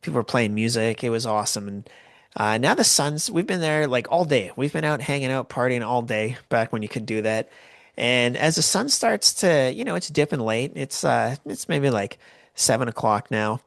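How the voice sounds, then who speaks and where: A Canadian man telling a story in a loose, rambling way, full of "like" and false starts. His voice sits at an ordinary middle pitch and sounds dry and close, with no room around it. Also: a bit bright, dry recording. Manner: rambling, lots of "like" and restarts. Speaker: podcast host. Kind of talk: casual storytelling.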